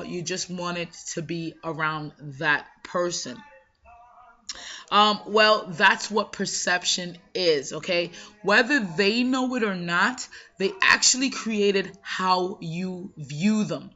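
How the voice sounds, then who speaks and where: A woman's voice: mid-range voice, expressive, unhurried, pushed and bright. A Jamaican-born woman hosting an episode, talking conversationally with emphatic rhetorical questions. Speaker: podcast host. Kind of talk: motivational monologue. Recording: dull lo-fi sound.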